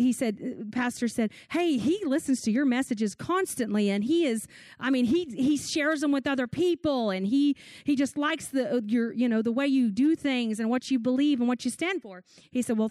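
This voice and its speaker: A woman's voice: high voice, darkish tone, dry recording. A middle-aged woman, preaching a sermon in an earnest storytelling way. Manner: earnest storytelling with church-talk and restarts.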